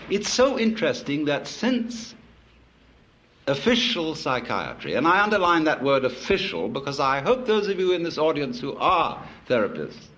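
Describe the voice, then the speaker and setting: A man's voice: fairly high pitch, a bit bright. A man giving a public philosophy lecture to a live audience, telling wry anecdotes.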